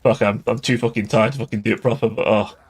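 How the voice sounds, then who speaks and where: A man's voice: fairly low pitch, little pitch movement, quick pace, husky. A tipsy man giving casual livestream commentary on a strategy game, swearing often and laughing between remarks. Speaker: game streamer.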